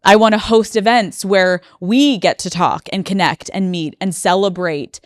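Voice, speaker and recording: Speaking at a moderate pace and medium pitch, an American woman in her thirties who hosts a podcast gives an emotional, candid personal monologue. Fillers come often, she is near tears, and there's no echo.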